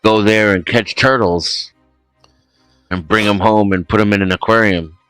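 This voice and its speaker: A man from Rhode Island, relaxed and reminiscing in a casual chat. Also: on the low side, normal speed, smooth, dry recording, faint music behind.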